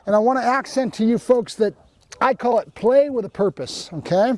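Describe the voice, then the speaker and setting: A man with a high-pitched voice leads a hands-on dog training demonstration. He explains in a plain, instructional way and often checks in with "okay?". His lapel mic gives a close, dry sound with no room echo. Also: lively intonation, moderate pace, a little mellow.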